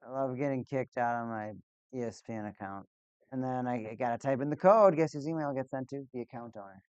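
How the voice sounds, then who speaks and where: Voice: medium pitch, fairly quick, dark tone, smooth, dry recording, lo-fi sound. A live-stream host in casual chat with viewers, exasperated and sarcastic while talking to the audience.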